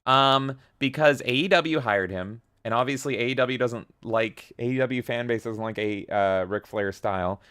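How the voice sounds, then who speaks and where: A man's voice: mid-range voice, moderate pace, few pauses, fairly bright tone, clean tone. Man casually reading out chat. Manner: reads chat messages aloud, swears offhandedly. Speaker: livestream host.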